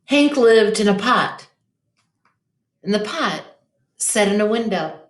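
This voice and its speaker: A female teacher with a mid-range voice reads a children's picture book aloud in an echoey room. Her delivery is slow and expressive.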